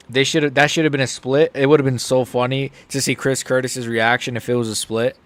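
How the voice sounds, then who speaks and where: Young man, live reaction host, mid pitch, mumbled asides, loud outbursts, dry close sound. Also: level tone, fairly quick, few pauses, dry recording. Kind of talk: casual live reaction commentary.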